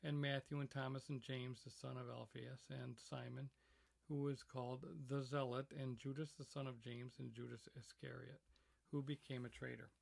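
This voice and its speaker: Gravelly man reading and teaching scripture. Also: medium pitch, flat delivery, normal speed. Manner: reads passages aloud, then comments with fillers and restarts. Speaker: teacher reading a weekly message.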